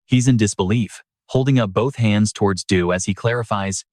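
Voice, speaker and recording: A man's voice: fairly low pitch, moderate pace, a little mellow, dry recording, studio quality. A man narrating a story recap in a dramatic, scripted storytelling manner. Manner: dramatic storytelling with brief voiced quotes.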